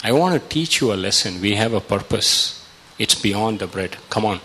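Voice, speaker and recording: Man, preacher, sermon, fairly low voice, dramatic, swings from soft to loud. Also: animated, normal speed, a little hiss or hum, low-quality recording. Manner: dramatic, acts out quotes with sudden loud rises.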